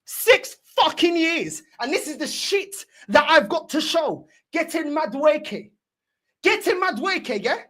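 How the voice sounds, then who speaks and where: A woman's voice: high-pitched, sing-song, slow, a bit bright. A woman, ranting angrily and scornfully as a football fan streamer. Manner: angry, sweary, scornful ranting.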